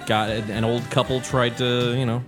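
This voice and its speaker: A man's voice: mid-range voice, flat delivery, normal speed, music in the background. A man co-hosting a podcast, talking in a laid-back, dry way and swearing casually. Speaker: podcast co-host. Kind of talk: casual chat.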